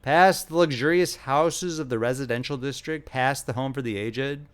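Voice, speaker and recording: A man's voice: medium pitch, normal speed, clear, resonant tone. A man narrating a classic short story as an audiobook, telling it expressively.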